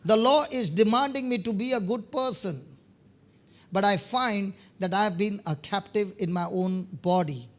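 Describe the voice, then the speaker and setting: Preaching at a measured pace in a voice that sits high, a man shares testimony stories during his sermon. He often checks in with the congregation and tends to repeat words when starting a phrase.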